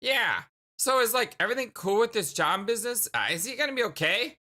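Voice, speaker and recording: A man's voice: high voice, animated, brisk, bright, forceful tone, voice pushed up, full character voice. A man voicing a cool, ironic teenage boy who asks questions in an eager, upbeat way.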